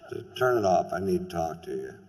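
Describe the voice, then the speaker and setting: A man's voice: sits low, sing-song, fast, gravelly, darkish tone, long reverb tail. Texan man doing stand-up in a theater. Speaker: stand-up comedian. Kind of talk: stand-up comedy routine. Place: large theater stage before a live audience. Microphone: stage microphone.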